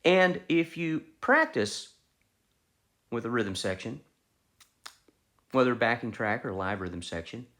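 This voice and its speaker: Male music teacher, explanatory delivery, lively pitch, restarts phrases. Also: slow pace, pauses often. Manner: explanatory, restarts with repeated words. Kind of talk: online music lesson.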